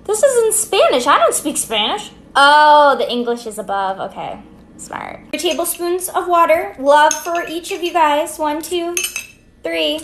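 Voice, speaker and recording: A woman's voice: high voice, lively intonation, a little slow, a bit bright. A young woman vlogger chatting in an upbeat, goofy way. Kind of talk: casual vlog narration. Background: background music.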